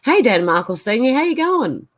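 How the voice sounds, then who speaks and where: A woman's voice: on the high side, very animated, normal speed. A woman hosting a casual livestream, reading out viewer comments and thinking aloud with hesitant asides. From Australia.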